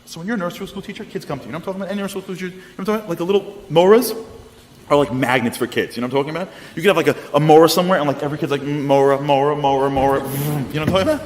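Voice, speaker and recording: A man telling a story to an audience in a lively, repetitive way, often asking the audience questions. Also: fairly high pitch, very fast. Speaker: speaker. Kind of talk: animated storytelling talk. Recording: reverberant hall, faint noise.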